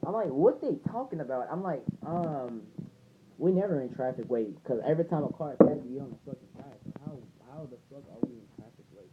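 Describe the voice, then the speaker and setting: A man's voice: medium pitch, lively intonation, a little fast, narrow, tinny audio, heavy background noise. A young man vlogging a casual, rambling story, swearing freely and retelling it line by line. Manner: rambling, profane, retells with "I'm like".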